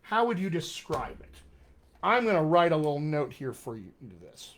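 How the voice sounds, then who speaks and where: A man's voice: on the high side, very animated, moderate pace. A man coaching actors on accents in a live-streamed Q&A, talking with energy and repeating his key points for emphasis. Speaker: dialect coach.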